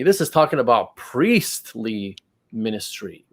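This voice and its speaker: A man's voice: mid-range voice, moderate pace. A man hosting a casual apologetics discussion, reading quotations aloud and rebutting them in an exasperated, emphatic way. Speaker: channel host.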